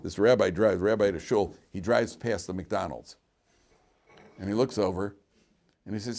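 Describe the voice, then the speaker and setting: A man giving a lively Torah lecture as a rabbi, acting out the people in his stories with big swings in voice and many "you know" fillers. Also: moderate pace, pauses often. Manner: animated storyteller acting out characters with sharp jumps in pitch and loudness. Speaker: rabbi teaching a weekly Torah class.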